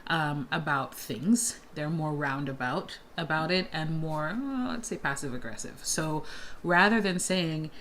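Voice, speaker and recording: A woman from Canada in a casual video-call chat, explaining her thoughts in a measured way. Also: sits low, lively intonation, fairly bright tone, a little hiss or hum. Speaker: guest.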